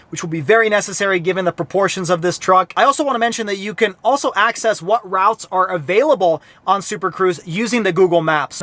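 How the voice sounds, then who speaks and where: A man's voice: sits high, fairly bright tone. A man reviewing an electric SUV in an upbeat, explanatory walkthrough, standing by the vehicle and then climbing inside. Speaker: car reviewer.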